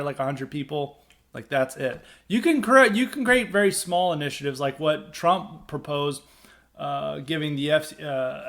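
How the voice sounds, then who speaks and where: A man talks through a political commentary monologue on his podcast. His voice sits a little high for a man, and he rambles with frequent fillers and restarts before landing emphatic bursts. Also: fairly bright tone. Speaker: podcast host.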